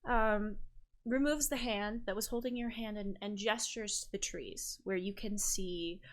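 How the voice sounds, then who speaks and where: A woman narrating gently as game master of a tabletop game. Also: mid-range voice, measured pace.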